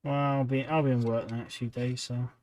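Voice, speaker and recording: Relaxed man chatting while painting. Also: medium pitch, brisk. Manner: relaxed rambling, talks to chat viewers between tasks. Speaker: hobby livestream host. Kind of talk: casual chat while painting miniatures. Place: home.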